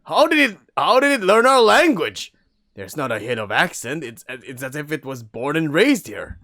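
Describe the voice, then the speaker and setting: A man voicing a suspicious, hostile male black wolf in a storybook reading, gruff and sneering. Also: on the high side, big pitch swings, moderate pace, pushed and bright, pitched above the performer's own voice.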